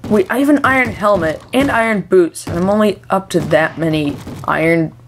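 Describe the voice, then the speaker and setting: A young woman gives chatty, running commentary over her own gameplay in a fairly low voice for a woman. She rambles to herself and to the game characters, then flips into frantic, high-pitched shouting whenever something startles her. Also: normal speed, slight background noise. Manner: chatty, excitable, shrieks when startled. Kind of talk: let's play commentary.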